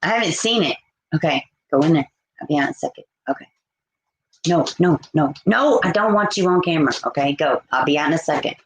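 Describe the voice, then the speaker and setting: A woman hosting a casual live stream, chatting and reacting out loud to viewer comments. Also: low-pitched, expressive, fast, reverberant. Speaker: live-stream host reading chat.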